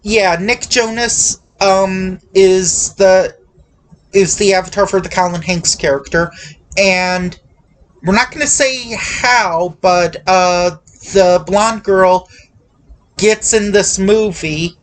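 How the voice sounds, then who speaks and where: Slow, halting man reviewing a movie. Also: high voice. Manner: halting, full of restarts and hedges. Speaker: podcast host. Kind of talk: casual movie review chat.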